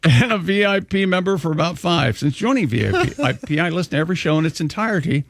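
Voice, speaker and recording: A man's voice: on the high side, sing-song, fast, no room sound. A man co-hosting a radio show, reading listener letters aloud with wry jokes and frequent laughs into a studio microphone. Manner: wry, joking, laughs often.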